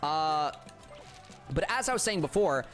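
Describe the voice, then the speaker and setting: Worn out and speaking a bit slowly, a man makes casual conversation with his livestream viewers while gaming. His fairly high voice stays flat and subdued, he trips over restarts, and faint music runs in the background.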